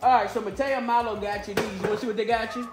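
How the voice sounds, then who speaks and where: A playful woman chats through a casual family vlog, teasing and coaxing her kids in a relaxed drawl. Her voice sits high in pitch. Soft music plays faintly underneath. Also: racing. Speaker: family vlogger.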